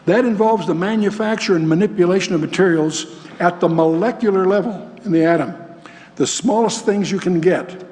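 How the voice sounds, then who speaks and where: A man's voice: high voice, a little fast, darkish tone, long reverb tail. An older man giving a Bible lecture to a live audience, folksy, asking the room questions and dropping dry asides. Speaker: Bible teacher.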